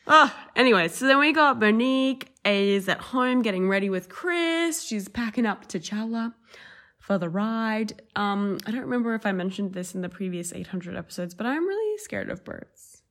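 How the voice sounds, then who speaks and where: A woman's voice: medium pitch, lively intonation, moderate pace, a bit bright. A woman from Australia, co-hosting a casual chat podcast, chatty and swearing freely. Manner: chatty, swears freely, mimics people she discusses. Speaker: podcast co-host.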